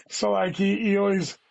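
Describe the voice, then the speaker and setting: High-voiced man rambling with constant swearing. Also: gravelly, dry recording. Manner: rambling, heavy swearing, says "dude" constantly. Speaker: guest comedian. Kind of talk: casual storytelling chat. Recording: dull lo-fi sound.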